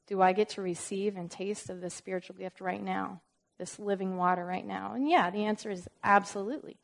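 A woman leading an informal Bible lesson at a medium pitch. She reads verses aloud with added weight, then breaks into chatty explanations and asides. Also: steady tone, brisk, vocal fry. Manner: reads scripture aloud with emphasis. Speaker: Bible teacher.

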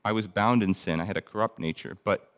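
Low-voiced man teaching scripture in a hall. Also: a little fast, smooth. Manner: conversational, reads scripture aloud, frequent ums and restarts. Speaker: Bible teacher. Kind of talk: casual Bible teaching.

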